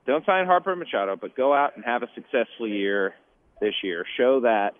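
A man calling in as a guest to a sports radio show, halting and repeating phrases before he makes his point. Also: mid-range voice, very animated. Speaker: guest baseball insider. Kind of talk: sports radio phone interview. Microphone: phone. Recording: tinny phone line with faint hiss.

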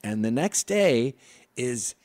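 A man's voice: mid-range voice, very animated, takes it slowly, a little mellow. A man hosting a casual comedy talk show, telling stories with swearing and acting out voices. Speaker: podcast host.

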